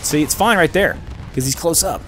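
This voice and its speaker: A man giving casual, self-mocking commentary over his own gameplay, with excitable outbursts and muttering. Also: fairly high pitch, normal speed, faint music behind. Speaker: gaming commentator.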